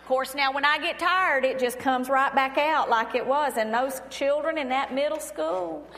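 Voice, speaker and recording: A woman's voice: high-pitched, normal speed, long reverb tail, slight background noise. A middle-aged woman from North Florida with a Southern accent, speaking to a women's church gathering in a chatty, humorous way. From North Florida, USA. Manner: chatty, self-deprecating humor, animated acted-out quotes. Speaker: pastor's wife, guest speaker at women's meeting. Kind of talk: conversational sermon with storytelling.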